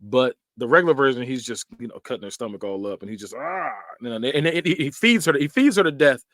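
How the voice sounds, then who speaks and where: A man's voice: mid-range voice, animated, fast, fairly bright tone, no echo, studio quality. A man hosting a podcast, casually recapping and ranking film scenes in loose, slangy storytelling. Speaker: podcast host.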